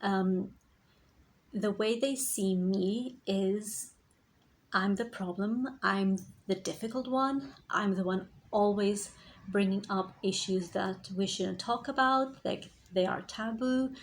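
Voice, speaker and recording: A woman speaks in a slow, unhurried way as a spiritual healer sharing her own journey. Her mid-range voice carries a gravelly edge, and she often softens into a near whisper. Faint hiss sits under the recording. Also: medium pitch, rough recording. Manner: reflective, slow, sometimes drops to a whisper. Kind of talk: personal storytelling vlog.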